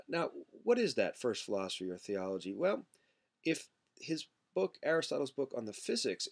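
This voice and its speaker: A lecturer walks through ideas aloud, posing questions and answering them himself. His voice sits at an ordinary male pitch. He drags out key words slowly for emphasis. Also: vocal fry. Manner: explains with rhetorical questions and fillers. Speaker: philosophy lecturer. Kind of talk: classroom lecture.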